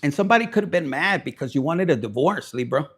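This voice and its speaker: A man with a high-pitched voice doing a casual tarot reading to camera. He talks bluntly and heatedly, cursing freely as he addresses his viewers. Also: lively intonation, fast, a bit bright, breathy edge. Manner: blunt, profane and fired-up. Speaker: tarot reader.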